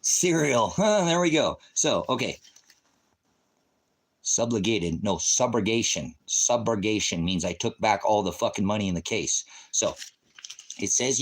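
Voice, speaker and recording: A man running a ministry channel, ranting angrily at his chat on a livestream, profane and rambling, swinging between shouting and low muttering. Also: lively intonation, unhurried, husky. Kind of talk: angry livestream rant at chat.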